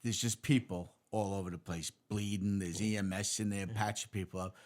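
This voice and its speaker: Low-voiced New man recalling stories. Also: a little fast. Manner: relaxed recollection with street-by-street detail. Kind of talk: casual storytelling.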